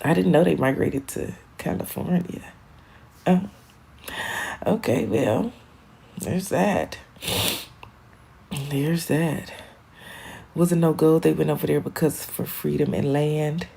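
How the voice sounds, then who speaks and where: A young woman from Michigan chatting on a live stream, rambling, animated and profane, laughing at her own jokes. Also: low voice, slow, vocal fry, long pauses, slight background noise. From Michigan, USA. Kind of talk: casual live-stream chat.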